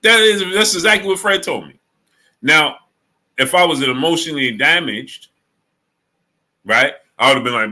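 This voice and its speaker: A man talks to his live-stream audience in a bright, forceful voice with speech. He tells stories with energy, acting out what his friend said, then greets viewers in the chat one by one. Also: on the high side, normal speed, long pauses. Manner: animated storytelling, acts out friend's quotes. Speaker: sports channel host.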